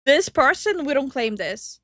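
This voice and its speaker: A woman's voice: high-pitched, big pitch swings, a little slow, a bit bright, no room sound. A woman co-hosting a react video, making incredulous, dry remarks. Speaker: YouTube react co-host. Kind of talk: casual react commentary.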